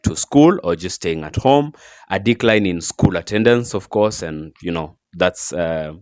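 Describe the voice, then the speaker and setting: Deep slow guy going through commentary, lots of uhs, dry close sound. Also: lively intonation, darkish tone, no echo. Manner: halting, many fillers and restarts. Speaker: commentary host. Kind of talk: scripted commentary.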